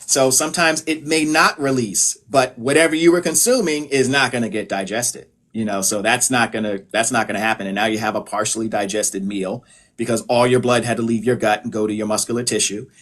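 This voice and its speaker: A man from the United States talks through health advice in a loose, conversational way, dotting his points with filler phrases. His voice sits at an ordinary male pitch. He sounds like a practitioner speaking to viewers on a live stream. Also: a little fast. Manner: relaxed, explanatory, many filler phrases. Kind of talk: casual live-stream talk.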